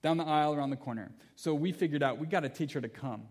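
A man's voice: a little high, fast talker, a little mellow. A man preaching a sermon in an earnest, emphatic way, repeating key phrases and weaving in personal stories with light humor. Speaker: pastor.

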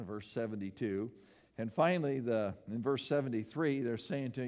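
A man preaching a sermon as pastor, earnest and emphatic, rising on questions and dropping low to land his points. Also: normal speed, darkish tone. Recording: long hall reverb.

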